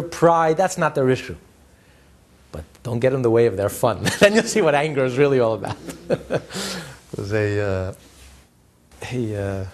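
A husky-voiced man teaching a religious class. His delivery is animated, rising and falling in volume, with frequent chuckles and repeated words as he works through an idea. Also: medium pitch.

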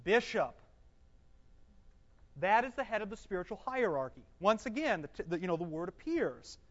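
A very animated Bible teacher, speaking at medium pitch, gives a class to a live group in a hall whose recording sounds dull and echoey. He reads scripture slowly, explains it, and quizzes the room before answering his own questions.

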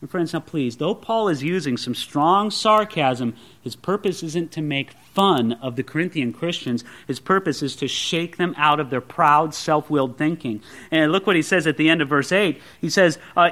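Guy preaching a sermon, high bright voice, really animated, calls everyone friends. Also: normal speed, hardly any pauses. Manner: animated, addresses listeners as friends, acts out quotes.

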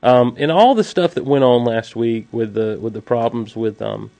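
A man's voice: medium pitch, moderate pace, gravelly, mellow, dry recording. A man co-hosting a casual podcast, making wry jokes and reading a listener email sincerely. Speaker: podcast co-host.

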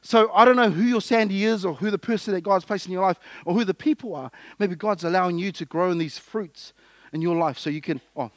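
High-voiced lively male preacher, dry sound. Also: a little fast, few pauses, no echo. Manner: lively, jokey, acts out little scenes. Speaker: pastor. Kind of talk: sermon.

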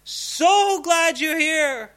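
A man voicing a fiery male prophet who scolds the leaders, shouting and mocking. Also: very high voice, very slow, pitched above the performer's own voice, exaggerated voice. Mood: mock welcome.

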